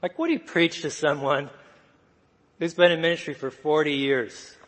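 A man preaching a sermon, telling a personal story in a soft, humorous way. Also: a little high, steady tone, normal speed. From United States. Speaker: guest preacher. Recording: long reverb of a church hall.

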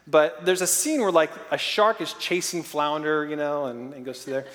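Man preaching, high voice, lively storyteller, long hall reverb. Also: moderate pace. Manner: lively, storytelling with playful sound effects. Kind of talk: sermon.

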